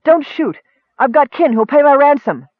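A man's voice: sing-song, fairly quick, no echo, narrow, tinny audio, full character voice. A man voicing a frightened woman soldier begging for her life, in an audiobook. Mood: pleading. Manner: shrill, begging and panicky. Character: terrified pleading human woman soldier.

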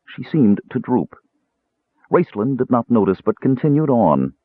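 A man narrating a fantasy story in a scripted, expressive storytelling delivery. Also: medium pitch, a little slow, husky, dry recording. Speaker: audiobook narrator. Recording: tinny phone-like band, dry.

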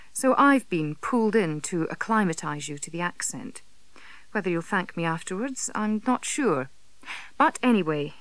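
A woman's voice: lowish voice, dry recording. A woman giving a dry, sardonic introduction to a comedy show. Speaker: announcer.

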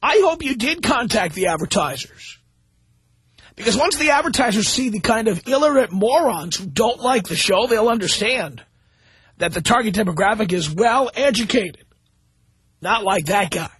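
Man, radio talk host, husky, lively swooping pitch, mocking, dry studio sound. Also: normal speed, no echo. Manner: sarcastic, mocking, spells out errors letter by letter. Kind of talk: talk radio monologue reading listener mail.

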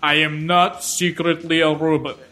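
A man voicing a male mad scientist who talks in flat, halting, robot-like broken speech. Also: high voice, close to an everyday voice. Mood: deadpan. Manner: flat, halting, robotic delivery with dropped articles.

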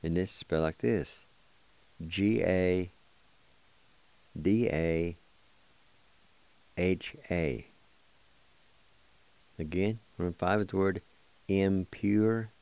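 A man's voice: low voice, slow, pauses often, darkish tone, clean tone, dry recording. A man hosting a radio language lesson, patiently spelling and sounding out words one syllable at a time. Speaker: radio host teaching a language.

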